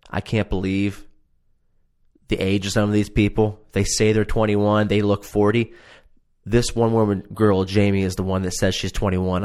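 Low-voiced man ranting profanely. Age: adult. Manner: profane, sarcastic, exasperated. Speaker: show reviewer. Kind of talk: casual ranting commentary.

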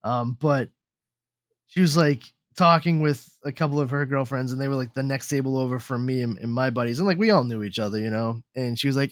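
A man's voice: medium pitch, brisk, no echo, clean studio sound. A man hosting a podcast in casual chat, rambling with lots of swearing and trailing off mid-sentence. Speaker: podcast host.

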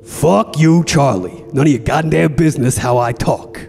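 A man voicing a foul-mouthed tough guy with a deep gravelly rasp and a dark, mellow tone. He muses in a broody way and snaps into profane snarls. Faint music sits behind him. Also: moderate pace. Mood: snarling. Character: gruff tough-guy man drifting in a coma. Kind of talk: improvised comedy role-play.

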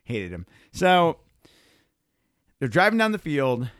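A man telling sports stories in casual chat, animated, swearing freely and laughing often. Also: on the high side, slow pace, no room sound, studio quality.

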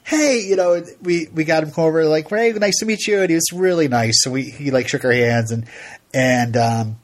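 A man's voice: on the high side, fairly even intonation, moderate pace. A man co-hosting a podcast, chatting casually and telling rambling stories, laughing often and acting out quotes. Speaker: podcast co-host. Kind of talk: casual chat.

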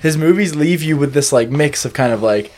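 A man's voice: fairly high pitch, animated, brisk, darkish tone. A man co-hosting a casual film podcast, talking in loose rambling sentences full of fillers and restarts. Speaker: podcast co-host. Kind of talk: casual film review chat.

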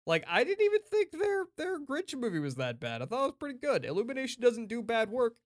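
A man co-hosting a casual chat, animated and opinionated, laughing often and swearing freely. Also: extremely high pitch, fast talker. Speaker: podcast co-host.

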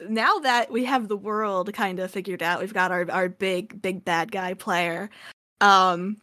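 A woman leads a casual tabletop game chat as its game master. She talks slowly, with a bright, forceful edge, and she breaks off and restarts her sentences eagerly. The sound is close and dry. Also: medium pitch, fairly even intonation, no echo. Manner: enthusiastic, talks in halting restarts.

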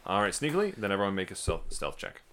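A man's voice: sits low, fast talker, a little hiss or hum. A man acting as game master, casually narrating a tabletop game with loose, hesitant description. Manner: casual, lively, hesitant fillers while describing.

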